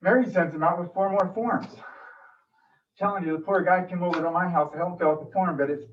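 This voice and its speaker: A man's voice: on the high side, slight background noise. A man giving an emotional, frustrated public comment at a city meeting. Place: council meeting room. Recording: distant dull room mic.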